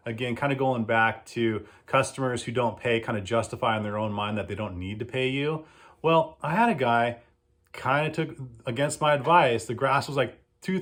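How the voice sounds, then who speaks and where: Chatty man telling business stories. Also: medium pitch. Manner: animated storytelling, acts out quoted exchanges. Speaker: lawn care business owner. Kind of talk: casual advice talk.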